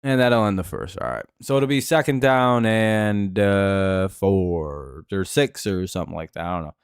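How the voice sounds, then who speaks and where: A man's voice: sits low, measured pace, clear, resonant tone, no room sound. A man hosting a live stream, giving laid-back, dry play-by-play and chatting with viewers. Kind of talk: casual game-watching commentary.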